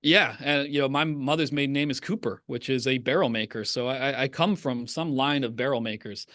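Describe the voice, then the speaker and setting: Uomo che chiacchiera con voce asciutta. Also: male voice, medium pitch, a little fast, a bit bright, dry recording, studio quality. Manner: rambling, hesitant with many fillers. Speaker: podcast co-host, writer. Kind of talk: casual chat.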